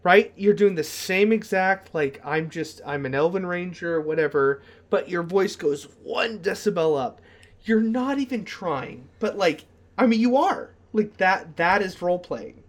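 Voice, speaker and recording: A man co-hosting a casual podcast chat, animated and excitable, tripping over many "like" fillers and restarts. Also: sits high, unhurried. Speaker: podcast co-host.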